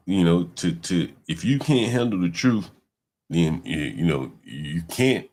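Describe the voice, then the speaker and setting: A man's voice: sits low, expressive, measured pace, a little mellow. A man hosting a livestream, talking in a rambling, loose way with casual profanity. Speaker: livestream host.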